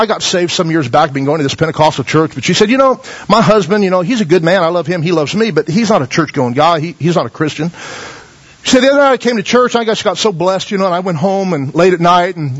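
A man's voice: high-pitched, husky, muffled recording. A man preaching a sermon as pastor, calling out for amens and telling folksy stories.

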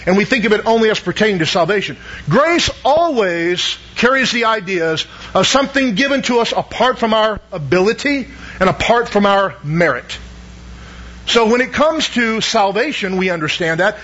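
A male pastor preaching a sermon in a high, husky voice. He talks in a loose, conversational way and keeps turning to the congregation with questions. The recording sounds dull and lo-fi. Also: a bit bright.

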